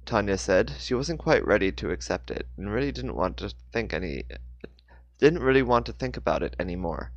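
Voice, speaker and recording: A man's voice: lowish voice, expressive, a little fast, no echo. A man reading a novel aloud, stumbling and correcting himself now and then. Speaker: audiobook reader.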